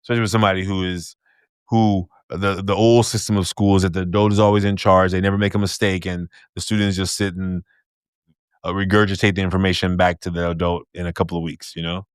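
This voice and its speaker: A man's voice: low-pitched, little pitch movement, fast, smooth, no echo, clean studio sound. A man hosting a podcast in casual conversation, reflective, often closing thoughts with a questioning tag. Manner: reflective, thinks aloud with "right?" tags. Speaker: podcast host.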